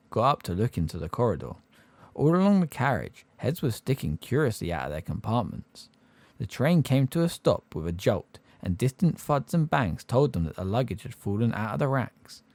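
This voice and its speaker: A man narrating a fantasy audiobook with an expressive delivery. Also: mid-range voice, dry recording. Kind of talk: fan audiobook reading.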